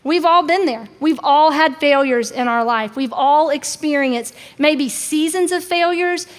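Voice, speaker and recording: High-voiced woman preaching in a hall. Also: measured pace. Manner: conversational, acts out quotes with shifting pitch. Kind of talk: sermon. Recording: long reverb of a large hall.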